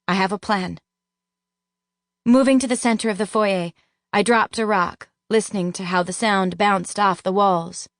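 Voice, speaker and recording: A woman narrating a first-person audiobook in a measured, even reading. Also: medium pitch, no room sound, studio quality.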